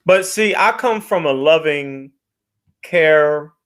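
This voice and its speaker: This co-host's voice is smooth and fairly high, his pace slow. In casual podcast banter he's animated, joking around and quick to laugh.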